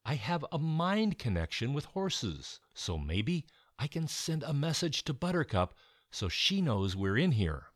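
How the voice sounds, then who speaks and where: A man's voice: on the high side, sing-song, unhurried, dry recording, clean studio sound, voice pushed up. A man voicing an earnest young girl. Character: brave young girl with a horse.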